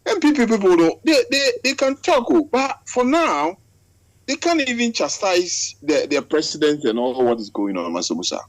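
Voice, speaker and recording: A man's voice: sits high, big pitch swings, moderate pace, no room sound, poor audio. A man with a Ghanaian English accent talking heatedly on a video call, repeating himself and calling the other man by name. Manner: impassioned, repetitive, keeps addressing the other man. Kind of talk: online video call discussion.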